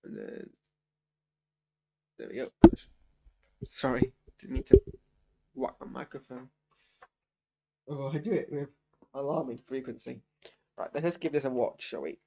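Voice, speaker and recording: A man's voice: mid-range voice, very animated, a little slow, creaky, long pauses, warm tone, breathy edge. A young man giving a live reaction review of a TV episode, rambling, self-interrupting and often exasperated. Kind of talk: live post-watch reaction.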